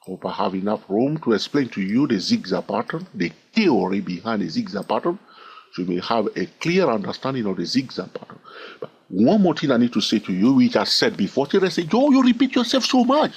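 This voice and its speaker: Husky, animated male trading teacher. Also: fairly low pitch, a little fast, lo-fi sound. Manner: repetitive, keeps asking "all right?"; counts wave numbers aloud in a sing-song way. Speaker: trading instructor. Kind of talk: recorded chart lesson.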